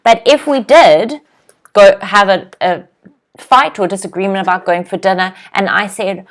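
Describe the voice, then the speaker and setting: Teaching English live online, a young woman with a mid-range voice runs slow, clear pronunciation drills one word at a time. She reads out comments from viewers, laughs lightly, and keeps asking "okay?"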